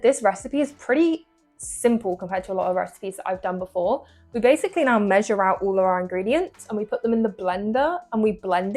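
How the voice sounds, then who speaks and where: A woman's voice: medium pitch, a little mellow. A young English woman chatting casually to viewers while she bakes in her home kitchen, joking at her own expense. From England. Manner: chatty, self-mocking, talks to viewers. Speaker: baking vlogger. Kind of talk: casual chat while baking.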